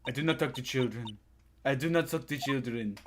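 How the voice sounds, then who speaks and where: A woman voicing a cold, aloof, dismissive woman in a game playthrough, speaking low and flat. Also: fairly quick, noisy background.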